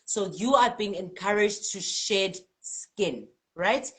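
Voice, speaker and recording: A South African woman hosting a live spiritual card-reading stream, reading out viewers' comments in a lively, chatty way and laughing often. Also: medium pitch, slow. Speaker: spiritual healer and card reader.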